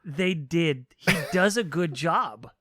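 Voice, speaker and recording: A man's voice: fairly high pitch, slow pace, dry recording, studio quality. Man chatting animatedly on a podcast. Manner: animated storytelling, acts out characters' lines. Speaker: podcast co-host explaining a game. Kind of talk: casual chat.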